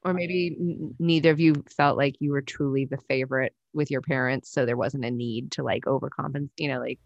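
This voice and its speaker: A podcast co-host from Northern California chatting casually, using "like" often and quick asides. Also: medium pitch, fairly even intonation, gravelly, dull audio. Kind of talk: casual chat.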